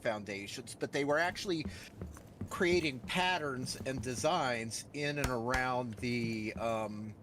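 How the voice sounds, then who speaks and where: Casting: slow, rambling male co-player, mid pitch, faint clicks behind. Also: background noise. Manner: unhurried, rambling, filler-heavy explanation. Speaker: co-player offering tips. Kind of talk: casual chat.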